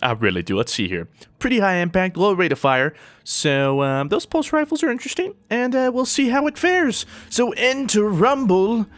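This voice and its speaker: A man's voice: high voice, very animated, normal speed, fairly bright tone. A young man giving jokey gameplay commentary, talking to opponents and himself as he plays. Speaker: gaming YouTuber.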